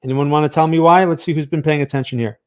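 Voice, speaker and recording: A man's voice: a little high, steady tone, quick pace, a little mellow, smooth. A man hosting a live market analysis stream, chatty and tired, who often asks "right?" and talks close to a microphone. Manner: chatty, reads viewer chat aloud, asks "right?" often. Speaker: trading channel host. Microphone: close studio microphone.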